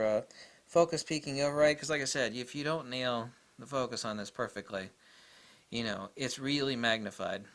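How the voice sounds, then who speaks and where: Casting: man in the middle pitch range, bright tone, gushing and rambling gear reviewer with lots of "uh"s. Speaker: camera reviewer. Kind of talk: enthusiastic casual gear review.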